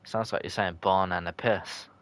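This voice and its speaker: A man with a low, deep voice casually narrates his football video game on a live stream. He chats loosely with viewers and calls them by name. He jokes in slang and swears when a match goes against him. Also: fairly even intonation, moderate pace, a bit bright. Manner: chatty and loose, answers chat viewers by name. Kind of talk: casual live-stream commentary, reacting to chat.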